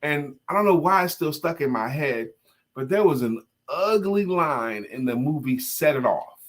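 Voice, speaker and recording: A man co-hosting a live coaching talk show in a relaxed, chatty way. He is playful and emphatic, and his fairly high voice swings widely in pitch. He sounds animated as he makes his points. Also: moderate pace. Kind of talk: casual live-stream chat.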